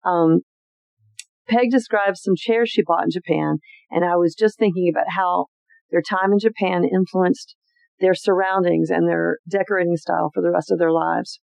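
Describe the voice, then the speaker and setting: A podcast host reading old family letters aloud in an expressive, chatty way, adding personal asides between them. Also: medium pitch, normal speed, vocal fry, no room sound, low-quality recording.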